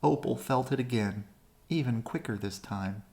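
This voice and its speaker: Low-voiced woman reading a picture book. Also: moderate pace, mellow. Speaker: storybook reader. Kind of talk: children's read-aloud narration.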